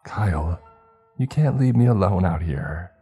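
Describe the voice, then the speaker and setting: A man voicing a creature that mimics a young woman's voice, speaking softly and sweetly, then spitefully. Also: deep voice, lively intonation, measured pace, husky, soft background music, voice pushed up, heavily acted. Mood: coaxing, sweet.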